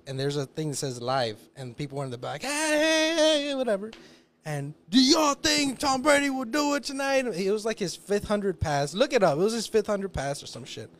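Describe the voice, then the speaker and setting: Loud, profane man telling a story. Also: fairly high pitch. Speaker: podcast host telling a story. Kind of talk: casual podcast chat. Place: podcast studio.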